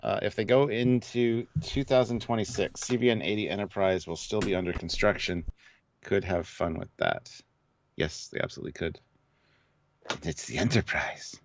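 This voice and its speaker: A man's voice: on the low side, moderate pace, dull audio, a little hiss or hum. A man co-hosting a live discussion stream, chatting casually and reading out viewer comments. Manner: relaxed, reads out viewer comments and donations. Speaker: co-host of a live discussion show.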